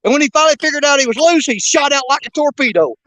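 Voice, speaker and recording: A man hosting a fishing show outdoors, talking in an excited, breathless, rambling way. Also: extremely high pitch, very fast. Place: outdoors by a river.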